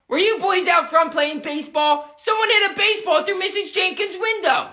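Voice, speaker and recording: A sketch comedian playing every role in a family comedy sketch, switching between put-on voices and often shouting. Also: very high voice, normal speed, hardly any pauses, no room sound. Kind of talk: one-man comedy sketch with many voices.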